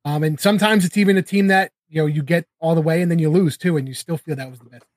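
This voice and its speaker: A man's voice: fairly high pitch, fast talker, no room sound, studio quality. A man co-hosting a podcast, talking in a reflective, reassuring way. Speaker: podcast co-host. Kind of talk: casual chat.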